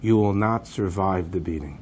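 A man voicing a hushed, pleading camp kapo. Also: deep voice, moderate pace, slight background noise, close to an everyday voice. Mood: urgent. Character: uneasy male camp kapo.

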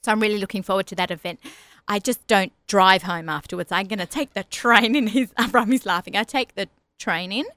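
A woman's voice: mid-range voice, a little fast, a bit bright, dry recording. A middle-aged woman with an Australian accent, hosting a radio show in a chatty, laughing manner. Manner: chatty, laughs often, self-correcting. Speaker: radio host. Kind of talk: casual chat.

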